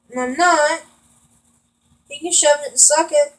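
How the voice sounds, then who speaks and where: A woman's voice: high-pitched, fairly even intonation, unhurried, pauses often, poor audio. A young woman venting in rambling, frustrated casual chat while she plays a video game. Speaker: vlogger.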